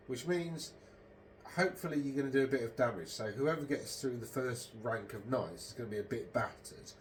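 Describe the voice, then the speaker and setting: A man's voice: mid-range voice, a little hiss or hum. A man hosting a casual, meandering monologue, hesitant and full of ums and self-corrections. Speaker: podcast host.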